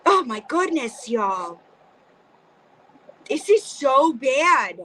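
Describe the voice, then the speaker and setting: A woman's voice: high-pitched, sing-song, extremely slow, a crowd in the background. A woman reacting on a live stream, sarcastic, incredulous and profane.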